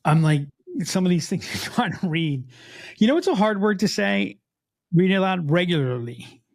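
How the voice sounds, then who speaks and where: An animated American man with a slight Mid-Atlantic accent, chatting casually as a podcast co-host. His voice sits a bit higher than most men's, and he often breaks off and restarts his sentences as he gets going. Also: moderate pace. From United States. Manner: animated, self-interrupting, frequent restarts. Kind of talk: casual chat.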